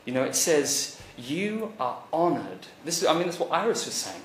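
A man preaching a conversational sermon, animated, rising to emphatic peaks and then dropping quiet. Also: a little high, normal speed, slight background noise. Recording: echoey church hall recording.

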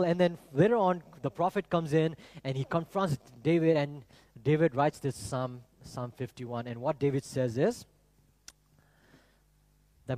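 A man preaching a sermon to his congregation, animated and rhetorical, asking them questions. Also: fairly high pitch, normal speed, no echo. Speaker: pastor. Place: church.

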